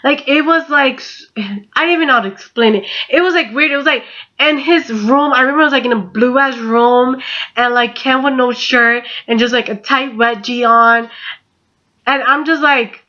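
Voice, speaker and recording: High, bright-voiced young woman rambling. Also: normal speed, lo-fi sound. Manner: rambling, heavy use of "like", frequent swearing. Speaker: vlogger. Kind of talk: casual storytime.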